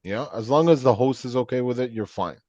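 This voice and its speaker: A man appearing as a guest comedian in casual chat, telling stories in a relaxed, candid way. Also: mid-range voice, brisk, no echo. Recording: dry, dull lo-fi sound.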